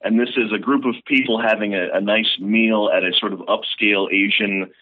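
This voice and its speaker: A man's voice: fairly low pitch, steady tone, normal speed, narrow, tinny audio. A man guesting on a podcast, recounting a comedy idea in loose, swearing, casual talk. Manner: loose storytelling, swears and laughs easily. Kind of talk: casual chat.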